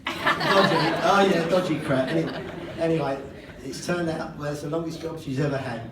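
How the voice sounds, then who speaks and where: A man's voice: fairly high pitch, normal speed. An older man giving a father-of-the-bride speech, telling self-mocking jokes and laughing between lines. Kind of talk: wedding speech. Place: wedding reception hall, indoors. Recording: echoey hall, distant and noisy.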